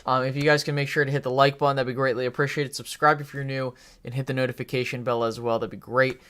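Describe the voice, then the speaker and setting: A man's voice: medium pitch, little pitch movement, quick pace, a bit bright. A man hosting a live sports talk stream, giving rambling, opinionated takes with frequent fillers, restarts and casual swearing. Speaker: podcast host.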